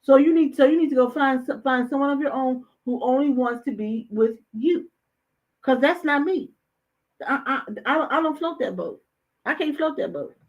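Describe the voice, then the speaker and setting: A woman's voice: high voice, moderate pace. A woman hosting a casual live chat show, talking emphatically and repeating her phrases. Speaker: host.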